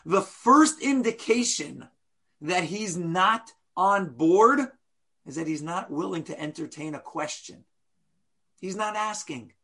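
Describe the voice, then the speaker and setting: A man teaching a class as a rabbi, animated, full of rhetorical questions and playful asides. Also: high-pitched, slow pace, slightly rough.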